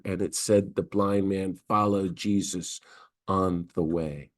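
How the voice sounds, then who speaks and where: A middle-aged priest teaching a class on scripture, lively and conversational, briefly acting out the voices of the figures he quotes. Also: low-pitched, slow pace. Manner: animated, acts out quoted voices. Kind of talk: lecture on scripture.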